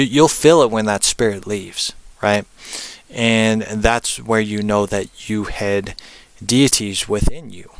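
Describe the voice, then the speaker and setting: A man's voice: fairly bright tone, clear, resonant tone, no room sound. A man giving a casual spoken presentation as a spiritual teacher, rambling with many fillers and tag questions. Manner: rambling, frequent "um" and "right?"; puts on brief high voices for spirits.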